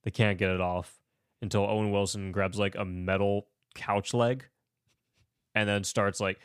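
A man co-hosting a casual podcast recap, animated and sarcastic, swearing and laughing often. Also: fairly low pitch, a little slow, clean tone, dry recording, studio quality. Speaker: podcast co-host recapping a movie. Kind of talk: casual chat.

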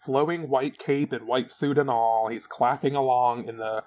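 Animated swearing podcast host. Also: male voice, mid-range voice, moderate pace. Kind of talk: casual comic recap chat.

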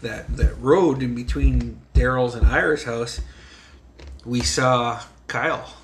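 A man's voice: mid-range voice, fairly even intonation, slow, a little hiss or hum. A man who grew up on a reservation, casually telling profane childhood stories, laughing and acting out the quotes. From United States, grew up on a reservation. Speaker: guest storyteller. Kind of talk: casual storytelling chat.

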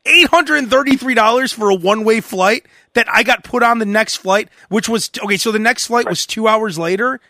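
A man's voice: high-pitched, brisk, vocal fry, few pauses, no room sound, studio quality. A man hosting a podcast, telling a casual story with lots of laughter and acted-out voices of the people in it. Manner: animated, mimics people in his stories, laughs a lot. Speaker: podcast host.

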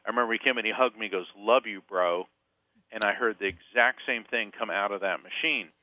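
A man from Central Florida, a guest author, telling a personal story in an animated way, acting out the voices of people in it. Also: on the low side, fast, narrow, tinny audio. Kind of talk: storytelling interview.

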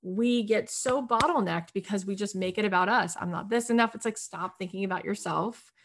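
A woman's voice: mid-range voice, normal speed, fairly bright tone. A woman guest on a podcast who speaks emphatically and motivationally, asking lots of rhetorical questions. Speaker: interview guest. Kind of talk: motivational conversation.

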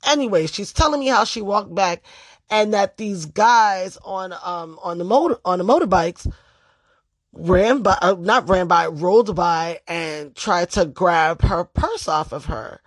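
Brief: a profane, emphatic storyteller talking straight to camera at a mid pitch, with a dry, close sound. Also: unhurried, no echo. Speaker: storytelling vlogger. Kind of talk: casual storytime monologue.

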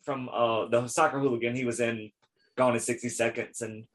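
A man's voice: medium pitch, normal speed. A man, chatting casually on a podcast and acting out movie lines as he tells them. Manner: animated storyteller, acts out movie lines. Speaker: podcast co-host. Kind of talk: casual chat.

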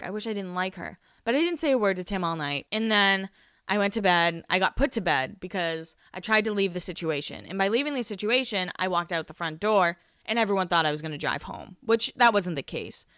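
A young woman in her twenties hosts a podcast and tells a personal story in a loose, confessional chat. Her voice is smooth and clear, with a dry, close sound and no room echo. She swears freely and laughs at herself as she goes. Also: mid-range voice, fairly bright tone. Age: 20s. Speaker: podcast host. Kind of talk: casual storytelling monologue.

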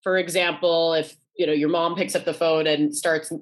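In a casual interview, a guest author in her forties speaks earnestly in a low, level voice at a moderate pace. She often restarts and repeats her words.

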